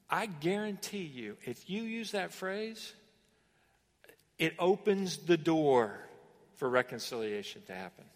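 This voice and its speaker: A man preaching a sermon as pastor, animated and emphatic, with sudden rises and pauses. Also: a little high, in a large hall.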